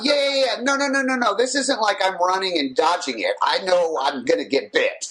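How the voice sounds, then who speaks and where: A man in loose podcast banter, his voice sitting a touch high. He tells stories with lots of swearing and frequent laughter. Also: a little fast, rough recording. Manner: profane, animated storyteller who laughs often. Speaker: podcast co-host. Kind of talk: casual chat.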